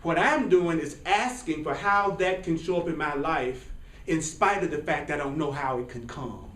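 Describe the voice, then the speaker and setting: High-voiced emphatic male spiritual teacher. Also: moderate pace, fairly bright tone. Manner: emphatic, preacherly, repeats phrases for stress. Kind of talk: spiritual class talk to a group. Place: classroom with a small audience. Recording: echoey room, mic at a distance, faint hiss.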